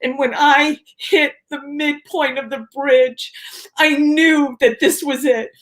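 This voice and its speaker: Animated woman telling her story. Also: sits high, slow. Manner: animated, acts out her own shouts and quotes. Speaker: talk show guest. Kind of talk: casual storytelling interview.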